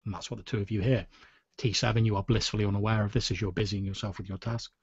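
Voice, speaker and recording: A man's voice: fairly low pitch, little pitch movement, quick pace, breathy edge, dry recording, highs cut off. A man running a tabletop game as game master, narrating scenes at length with many "sort of" hedges. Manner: descriptive, with frequent "sort of" hedges.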